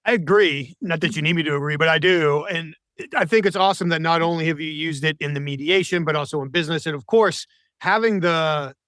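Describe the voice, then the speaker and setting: A man's voice: on the high side, fairly quick, a bit bright, smooth, no room sound. A male podcast host talking over a remote call, reflective and tentative, often framing his points with "I feel like". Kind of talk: podcast interview, conversational. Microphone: remote call with a mute button.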